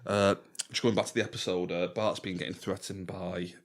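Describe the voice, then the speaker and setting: A man's voice: low voice, flat delivery, brisk. A man co-hosting a podcast, chatting casually and retelling funny scenes with frequent laughter. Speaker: podcast co-host. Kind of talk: casual chat.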